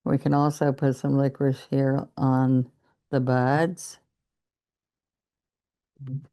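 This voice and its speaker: Slow, gravelly older woman teaching painting. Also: extremely low pitch, level tone, warm tone. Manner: chatty, encouraging, talks while working. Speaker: painting instructor. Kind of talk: relaxed painting demonstration.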